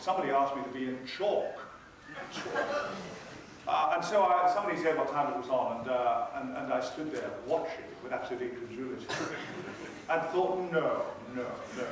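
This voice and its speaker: Older man, convention guest, dry theatrical raconteur; distant, echoey hall recording. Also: fairly high pitch. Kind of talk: anecdotal storytelling to an audience. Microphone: recorded from far off by an audience camera. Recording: echoey hall from far off, noisy.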